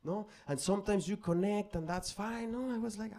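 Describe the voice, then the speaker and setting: A man from Mexico performing a stand-up comedy set on stage, telling stories animatedly and acting out voices, with swings between loud and soft delivery. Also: high-pitched, normal speed. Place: comedy stage before a live audience. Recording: live club crowd audible. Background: audience laughter.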